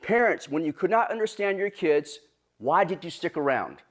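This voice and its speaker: A man, born in Vietnam, giving an animated, joking keynote talk to a virtual audience. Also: a little high, moderate pace. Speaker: guest speaker.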